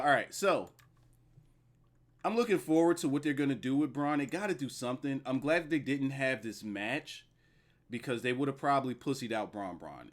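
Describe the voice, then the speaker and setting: A man giving a casual, profane, rambling solo review of a wrestling show at his computer. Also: mid-range voice.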